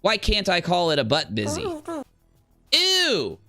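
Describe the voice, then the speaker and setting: A man hosting a livestream, ranting casually in a rambling, animated way. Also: a little fast, over music. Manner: animated, rambling, breaks into high squeals. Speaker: livestream host.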